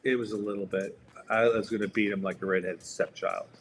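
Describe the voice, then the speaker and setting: Low-voiced guy on a trading stream, swears a lot, rambles, light hiss. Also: steady tone, a little fast. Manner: profane, rambling storyteller. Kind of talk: casual live-stream chat.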